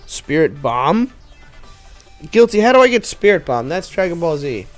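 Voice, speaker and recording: Young male let's-play streamer, slightly high voice, giggly, rambling, faint music under. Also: very animated, moderate pace. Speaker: game streamer. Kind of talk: casual let's-play commentary. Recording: faint game music behind.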